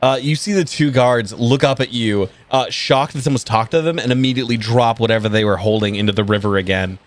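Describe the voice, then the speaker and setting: A man running a tabletop game as game master. He narrates casually and fills his pauses with plenty of "uh"s. His voice sits at an ordinary pitch. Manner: casual, filler-heavy narration.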